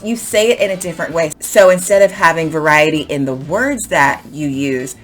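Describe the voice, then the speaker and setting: A woman teaching English, explaining and emphatically modelling phrases to show intonation. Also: sits low. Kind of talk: explaining to camera in a lesson.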